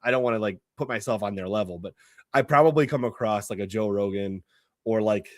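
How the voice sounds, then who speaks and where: A man's voice: on the low side, brisk, dry recording, studio quality. A man hosting a podcast in casual chat. He laughs often and restarts his sentences. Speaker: podcast host.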